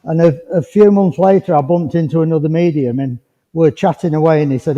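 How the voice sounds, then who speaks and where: Chatty medium in an echoing hall. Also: male voice, fairly high pitch, fast talker. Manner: chatty, rambling, gently reassuring. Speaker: spiritualist medium. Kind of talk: mediumship demonstration to a congregation. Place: village hall. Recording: dull lo-fi recording with long hall reverb.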